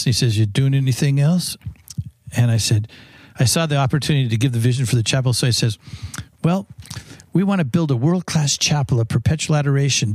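A man's voice: medium pitch, a little mellow, dry recording. A man who is a priest, telling long anecdotes in an interview, with frequent restarts and fillers. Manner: rambling anecdotes with many restarts. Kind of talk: storytelling interview answers.

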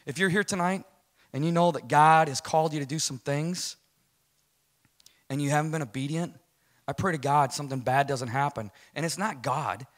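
A man's voice: fairly high pitch, moderate pace. A man telling his personal testimony to a church audience, speaking emphatically in a loose, conversational way and checking in with "right?". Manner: animated, emphatic, conversational, keeps asking "right?".

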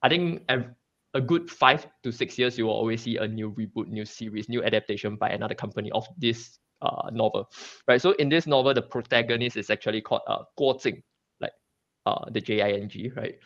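A man's voice: lowish voice, fairly quick, a bit bright, no echo. Chatty man on a lo-fi call. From Singapore. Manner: chatty, many fillers and restarts, laughs often. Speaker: guest comic creator. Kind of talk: casual interview chat.

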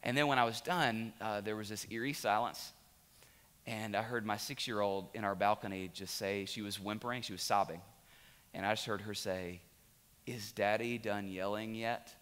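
A man preaching a sermon as pastor, animated and joking at times, then quiet and confessional. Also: fairly low pitch, normal speed, smooth. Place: large church auditorium. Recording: long reverb of a big hall.

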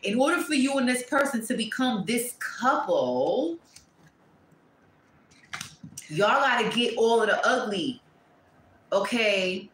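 A woman reading tarot to camera, blunt and profane, breaking into loud exclamations and dropping to quieter asides. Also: fairly high pitch, very animated, a little slow, echoey room, a little hiss or hum, low-quality recording. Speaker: tarot reader.

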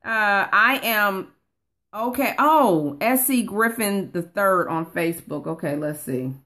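Woman, online course coach, casual live chat, bright tone, reads comments out. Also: medium pitch, expressive, takes it slowly. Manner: chatty, calls viewers honey, reads comments aloud.

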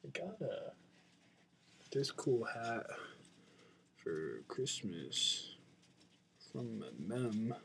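A man's voice: medium pitch, big pitch swings, very slow, vocal fry, pauses often, fairly bright tone, breathy edge. A young man chatting casually to his webcam at home at his computer, rambling and mumbling with lots of fillers. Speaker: video blogger.

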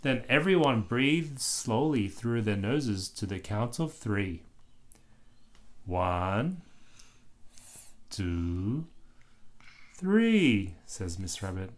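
A man reading a children's book aloud with expressive, animated storytelling. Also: medium pitch, a little slow, hardly any pauses. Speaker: storybook reader.

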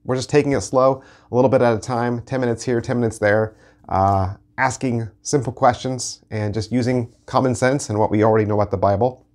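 A man, a pastor leading an online Bible study in a lively, conversational way with playful asides. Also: medium pitch, a little fast. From Texas.

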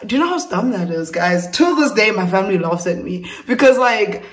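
Young woman, South African accent, casual storytime vlog, animated, laughing, swears, mid pitch. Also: brisk. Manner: animated, laughing, swears, keeps addressing viewers. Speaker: beauty vlogger.

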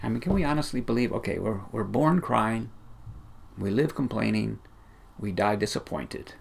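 Male pastor, very gravelly fry, impassioned sermon delivery with rising repetitions. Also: lowish voice, normal speed. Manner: impassioned, builds in repeated rising chains.

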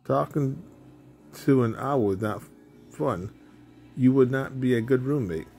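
A man's voice: medium pitch, unhurried, darkish tone, slight background noise, lightly acted. A man reading a storybook aloud, voicing a lonely little bird who keeps asking others to be his roommate, in an earnest, questioning way.

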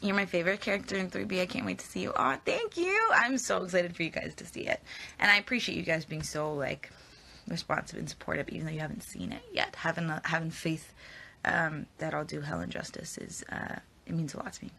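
Young woman, casual fan Q&A, giggly and rambling, phone held at arm's length, lowish voice with fry. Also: fairly even intonation, fast, sharp tone, slight background noise. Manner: chatty, giggly, rambling with fillers. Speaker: actress answering fan questions. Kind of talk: casual live Q&A chat.

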